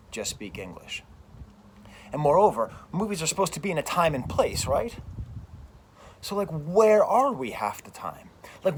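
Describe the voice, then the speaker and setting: This American French professor, speaking on his own channel, rants outdoors with animated emphasis and frequent repeated phrases. His voice sits at a medium pitch, with a bit of noise behind it.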